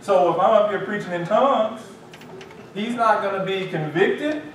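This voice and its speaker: A man, a pastor, leading a Bible study and teaching in an animated, lively way with acted-out asides. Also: high voice, normal speed. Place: church sanctuary. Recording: echoey room, distant mic, faint hiss.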